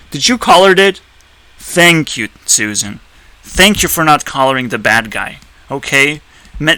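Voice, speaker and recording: Sharp-voiced ranting man. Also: no room sound, low-quality recording. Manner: profane, erratic ranting with sudden high-pitched outbursts. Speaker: YouTuber. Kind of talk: ranting commentary.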